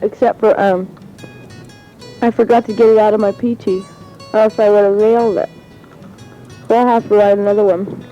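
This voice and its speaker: A woman's voice: medium pitch, steady tone, moderate pace, pauses often, faint music behind. A teenage girl chatting and giggling as she rambles through a spoken letter recorded on cassette tape. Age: teens. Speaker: high school student. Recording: dull lo-fi 1970s home cassette.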